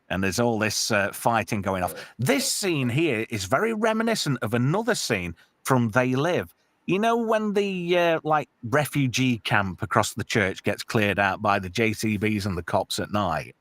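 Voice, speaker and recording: Animated man chatting about films. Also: medium pitch, unhurried, no room sound. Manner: animated, laughs often, does mock voices of characters. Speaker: podcast host. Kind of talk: casual movie chat.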